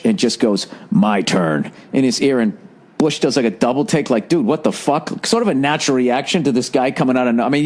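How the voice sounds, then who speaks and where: A man's voice: medium pitch, darkish tone. A man hosting a podcast alone, ranting in a profane, sarcastic, rambling way. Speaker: podcast host. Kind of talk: solo ranting monologue.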